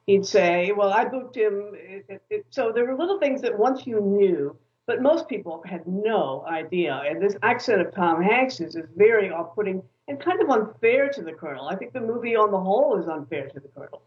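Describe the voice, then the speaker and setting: An author appears as an interview guest, telling stories in a lively, opinionated way. She speaks at a moderate pace in a mid-range voice with few pauses, and the audio sounds slightly dull and muffled, like a lo-fi connection.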